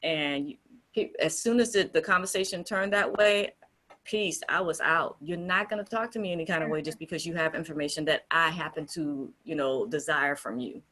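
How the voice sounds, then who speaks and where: A woman's voice: low voice, moderate pace, fairly bright tone. A woman co-hosting a casual discussion, talking in an earnest, emphatic way with frequent restarts. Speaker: group founder and co-host.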